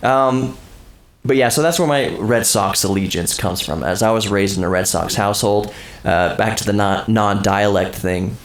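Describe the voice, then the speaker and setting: A man's voice: lowish voice, moderate pace. A man from Texas, under the weather, hosting a podcast in casual chat, rambling and joking with strong opinions. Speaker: podcast host.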